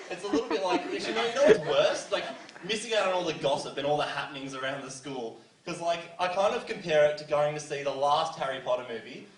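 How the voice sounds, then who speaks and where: A man's voice: fairly high pitch, recorded from a distance. A teenage man doing a rambling, self-deprecating stand-up set full of fillers. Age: teens. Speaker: stand-up comedian. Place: school comedy stage before a live audience. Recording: echoey hall from afar, crowd laughing. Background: audience laughter.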